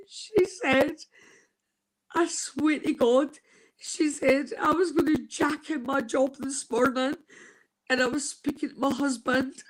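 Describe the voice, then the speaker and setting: A Scottish woman from Scotland telling an emotional personal story, halting and tearful. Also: high voice, rough recording.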